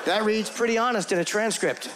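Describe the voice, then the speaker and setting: A middle-aged man telling a crude, self-mocking story in stand-up comedy, rambling and animated. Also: high voice, fairly quick, heavy background noise.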